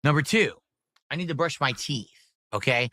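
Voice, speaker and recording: A man's voice: a little high, expressive, normal speed, bright, forceful tone, no echo, clean studio sound. A man streaming casually at a desk mic in his office, chatting with viewers between bites and teasing them with mock outrage. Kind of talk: casual livestream chat while eating. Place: office room indoors. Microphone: close desk mic.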